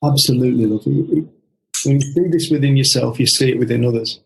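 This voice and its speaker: A coach appears as a podcast guest, telling a long story in a fast, gravelly, mid-range voice on a rough recording. He's an animated storyteller who keeps quoting others with "she said" and frequently restarts.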